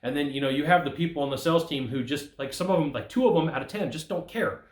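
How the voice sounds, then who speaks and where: A man with a fairly high voice talks casually about sales straight to the camera. He stays animated and jumps into quoted lines from bosses. The sound is roomy and echoey. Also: quick pace. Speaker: sales consultant. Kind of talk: casual direct-to-camera vlog talk. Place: outdoors.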